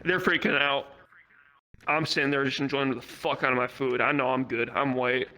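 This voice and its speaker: A man doing stand-up, telling a rambling, profane story with quick acted quotes in a virtual comedy club. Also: medium pitch, steady tone, bright, forceful tone.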